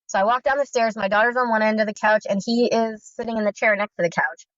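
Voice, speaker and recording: A woman telling her own story as personal testimony. She speaks in a halting, earnest way, full of fillers and restarts. The recording is dull and muffled, with a dry, close sound. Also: fairly high pitch, fairly bright tone, no echo. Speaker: guest survivor recounting abuse.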